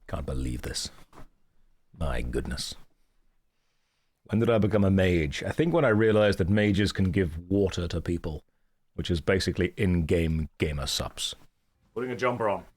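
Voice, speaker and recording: A man hosting a casual game stream in a groggy, just-woken-up voice. His tone sits very low and deep, and he jokes drily at his own expense. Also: normal speed, darkish tone. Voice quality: groggy morning voice. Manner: dry, joking, self-mocking. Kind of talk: casual live-stream chat.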